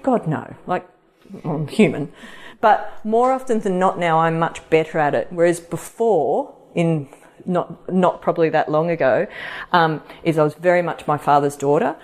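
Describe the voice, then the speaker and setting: A middle-aged woman hosting a podcast, talking casually to an audience and acting out quoted voices. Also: sits low. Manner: chatty, animated, acts out quoted voices. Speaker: podcast host and practitioner. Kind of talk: casual live talk to an audience.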